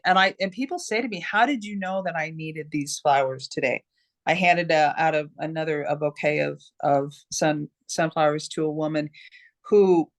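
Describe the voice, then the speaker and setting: A middle-aged woman, an interview guest, telling a personal story in an animated way with many restarts. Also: fairly low pitch. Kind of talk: casual storytelling.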